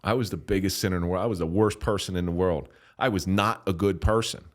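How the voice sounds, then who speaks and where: Middle-aged man, low voice, podcast guest, animated and profane, preachy storyteller. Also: fast talker. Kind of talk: casual storytelling.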